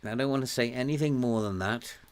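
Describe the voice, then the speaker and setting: A man's voice: mid-range voice, a little fast, clean tone. An older Welsh man giving casual gameplay commentary on his stream, chatting away, coaxing and scolding his virtual players and often chuckling. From Wales. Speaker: game streamer.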